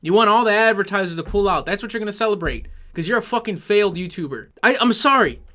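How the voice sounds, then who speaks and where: A man's voice: high voice, animated, quick pace, bright, forceful tone. A man delivering an angry, sarcastic YouTube commentary rant, swearing heavily.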